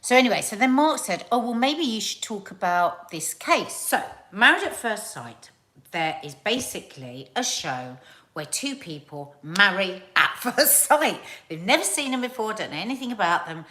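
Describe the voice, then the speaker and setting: Chatty South Londoner rambling on a live stream. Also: female voice, medium pitch, moderate pace. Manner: chatty, rambling, animated storytelling. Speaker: live show host. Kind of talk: casual live-stream chat.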